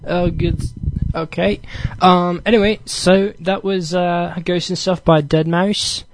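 A man's voice: high voice, fairly even intonation, takes it slowly. A young man hosting an internet radio show, chatting casually and rambling with fillers in a jokey put-on British accent. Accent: mock British (put on).

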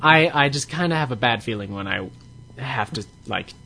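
Bright-voiced man in casual rambling chat. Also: mid-range voice, expressive, normal speed, gravelly. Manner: rambling, swears freely, laughs at own jokes. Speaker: podcast co-host.

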